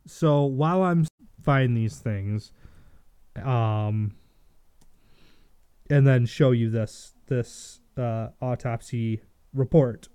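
A man's voice: medium pitch, slow pace, long pauses, mellow, smooth, no room sound, studio quality. A man hosting a solo livestream, reading news aloud and giving opinionated commentary with frequent restarts and self-corrections. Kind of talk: casual solo political commentary.

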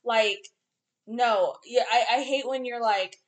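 A woman's voice: fairly high pitch, takes it slowly. A young woman co-hosting a podcast, talking bluntly in casual chat and acting out quotes. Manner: blunt, animated storytelling with acted-out quotes. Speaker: podcast co-host.

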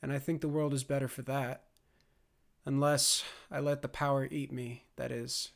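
A man voicing a calm, powerful woman. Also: mid-range voice, moderate pace, creaky, natural voice. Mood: resolute. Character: powerful composed woman, coolly resolute.

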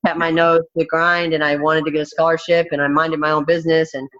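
A woman's voice: low-pitched, level tone, fast talker, fairly bright tone. Blunt, frank woman on lo-fi audio. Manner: blunt, frank, swears freely. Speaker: interviewee, fighter. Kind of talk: candid interview.

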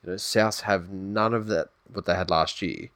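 A man's voice: low voice, fairly even intonation, moderate pace, fairly bright tone, dry recording. A man, co-hosting a casual sports podcast, blunt and sweary, reading out listener comments. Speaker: podcast co-host.

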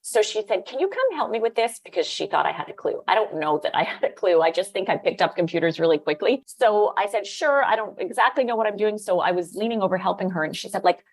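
A middle-aged woman telling lively anecdotes in a casual interview, using "like" a lot and laughing often. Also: mid-range voice, fast talker, few pauses. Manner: animated, lots of "like", laughs often. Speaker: guest, former magazine editor.

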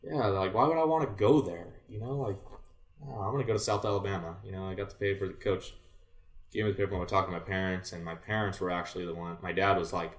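A man's voice: low-pitched, fast, reverberant. A young man, a guest talking casually about his baseball days, rambling along and acting out quoted lines. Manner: rambling, animated retelling with quoted dialogue. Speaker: guest, former baseball player. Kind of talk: casual storytelling.

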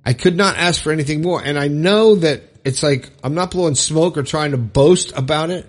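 A man's voice: fairly high pitch, normal speed. A middle-aged man hosting a solo podcast, talking in an earnest, upbeat, rambling way about staying positive, with casual swearing. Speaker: podcast host.

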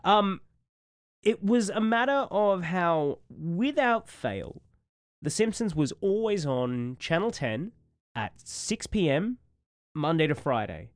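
Chatty Australian man, slightly high voice. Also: slow pace, no echo. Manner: rambling, animated storytelling. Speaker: podcast co-host. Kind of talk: casual chat.

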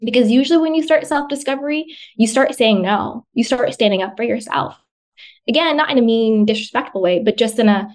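A woman with a slightly high voice talks as a podcast guest. She is earnest and conversational, and she repeats phrases to drive her points home. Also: a little fast, darkish tone. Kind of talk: conversational self-help advice.

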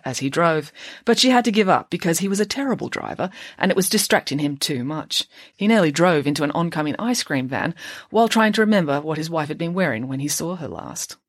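A woman narrating a storybook aloud, with relaxed conversational asides. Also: low-pitched, no room sound, studio quality. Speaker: audiobook reader.

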